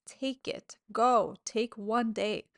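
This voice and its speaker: Solo podcast host, woman, frank and talkative, swears casually, slightly high voice, dry close-miked sound. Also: steady tone, takes it slowly, fairly bright tone, dry recording. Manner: candid and chatty, swears freely, laughs between thoughts.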